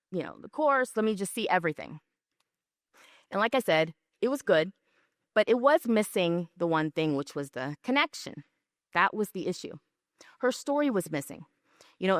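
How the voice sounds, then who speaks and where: A woman's voice: mid-range voice, dry recording, clean studio sound. A woman giving a conversational business presentation, telling stories and often checking in with the audience with "right?" and "okay?". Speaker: speaker at a business session.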